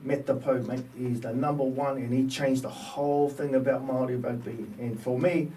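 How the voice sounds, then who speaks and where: A New Zealand man in his fifties, a former rugby player, telling stories as a guest in a relaxed, slangy way. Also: mid-range voice, normal speed. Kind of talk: casual storytelling. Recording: distant mic with faint background noise.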